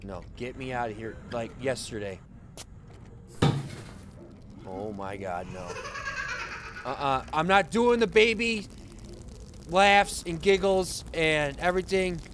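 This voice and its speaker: Male streamer, slightly high voice, panicky and profane, noisy mic feed. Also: takes it slowly, pauses often. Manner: panicky, swearing, frantic outbursts. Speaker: game streamer. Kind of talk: live horror game commentary.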